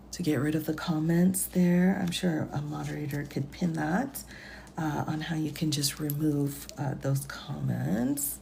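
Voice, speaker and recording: A woman legal commentator talking softly, half-whispering in an ASMR-style voice at home at night during a live stream. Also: sits low, creaky, a little hiss or hum. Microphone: phone.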